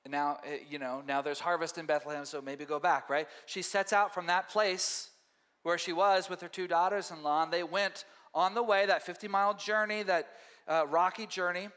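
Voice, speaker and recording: A man preaching in a church sanctuary, his high, bright voice carrying a long reverb through the hall. He talks conversationally and animatedly, often slipping into the voices he quotes. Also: fairly even intonation, normal speed, clear, resonant tone. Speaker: pastor. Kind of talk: sermon.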